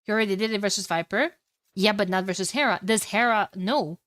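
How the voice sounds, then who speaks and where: A young woman with a Romanian accent casting a live strategy game match and chatting with her viewers, excitable and casual, with sudden loud exclamations and the odd curse. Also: mid-range voice, a little fast, no room sound. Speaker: streamer casting games. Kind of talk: live game commentary and chat reading.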